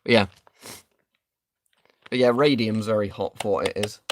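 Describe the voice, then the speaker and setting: A man's voice: fairly low pitch, moderate pace, slight background noise. A man doing a casual live stream, chatting and thinking aloud while he tests equipment.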